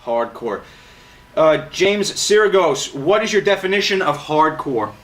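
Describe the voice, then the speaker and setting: A man's voice: sits high, moderate pace, a bit bright, slight background noise. A man interviewing a guest, reading out fan questions and dropping in short, wry interjections.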